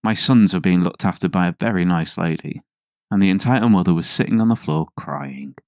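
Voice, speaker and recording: A man's voice: low-pitched, a little fast, dry recording. A man narrating reddit stories in a dry, conversational way with sardonic asides. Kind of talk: scripted narration.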